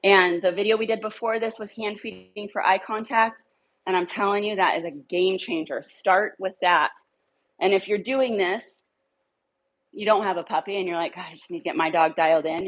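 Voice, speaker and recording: Woman dog trainer, lowish voice, casual and upbeat, coaxing dogs. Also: rough recording. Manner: upbeat, coaxing praise to dogs in a high sing-song. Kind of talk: casual training demo, talking to camera and dogs.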